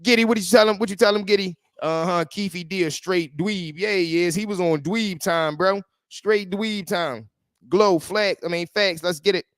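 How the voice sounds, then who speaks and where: A man hosting a casual livestream, talking in animated slang and greeting people in the chat. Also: high voice, moderate pace, clean tone, no echo, clean studio sound. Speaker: livestream host.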